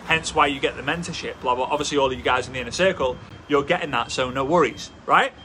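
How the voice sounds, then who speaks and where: A man's voice: mid-range voice, fast talker, bright, forceful tone, a little hiss or hum. A man, hosting a live coaching Q&A, talking with energy and hammering key points through repetition. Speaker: host, business coach. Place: indoors, traffic passing outside.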